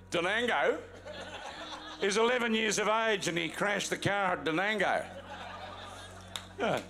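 A guest pastor with an Australian accent and a high, sharp voice opens his sermon with jovial, teasing banter aimed at the congregation. The live recording from a large church auditorium carries crowd noise.

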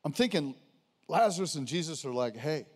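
A high-voiced male pastor preaching a sermon in a loose, conversational way, calling out to the congregation and asking them questions. His voice rings through a church sanctuary with a long hall reverb. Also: animated, normal speed.

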